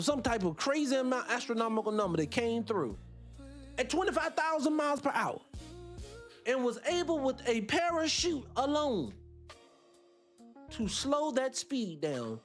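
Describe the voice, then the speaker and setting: A man hosting an online radio show, talking casually and rambling to his listeners, swearing freely. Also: very high-pitched.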